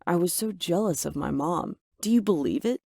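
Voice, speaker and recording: A woman's voice: fairly low pitch, moderate pace, gravelly, slightly rough, dry recording. Woman narrating a story, dry close mic. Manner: expressive, rising loud on angry lines. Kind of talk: scripted first-person story narration.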